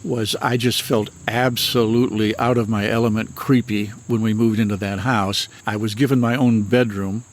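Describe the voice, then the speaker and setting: A man in his sixties from Michigan, a retired minister telling his own experiences in an earnest, unhurried, matter-of-fact way. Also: fairly low pitch, steady tone, a little hiss or hum. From Michigan, USA. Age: 60s. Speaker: retired minister and paranormal author. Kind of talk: personal storytelling in an interview.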